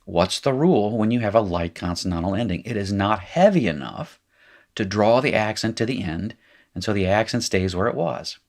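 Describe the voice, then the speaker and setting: A man's voice: fairly low pitch, animated, moderate pace. A man teaching a language lesson at a board, patiently drilling forms aloud with wry asides. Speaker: Hebrew teacher. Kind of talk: classroom lecture at a whiteboard.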